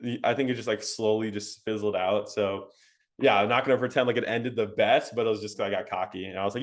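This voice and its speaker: Young male interview guest with a lowish voice, casual and animated, lots of filler words. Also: fast talker. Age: young adult. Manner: animated, laughing, frequent fillers like "like" and "um".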